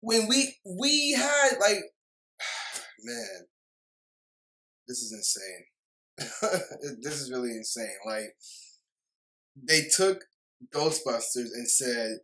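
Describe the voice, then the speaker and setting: A young man rants about a film in a heated, rambling way. He repeats himself, restarts his sentences and keeps apologizing. His voice sits a little high for a man. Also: very animated, takes it slowly, pauses often, a bit bright, rough recording. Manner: heated, repetitive ranting with frequent apologies. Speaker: movie reviewer. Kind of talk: ranting video review.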